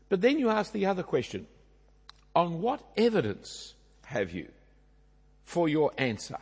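A man's voice: fairly high pitch, wildly swooping pitch, normal speed, husky. An Australian man preaching a sermon in a conversational way, with rhetorical asides and tag questions. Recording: long hall reverb.

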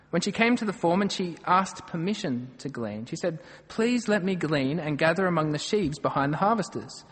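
A man's voice: fairly high pitch, fairly bright tone, in a large hall. An Australian man preaching a sermon, earnest and emphatic as he works through a passage verse by verse.

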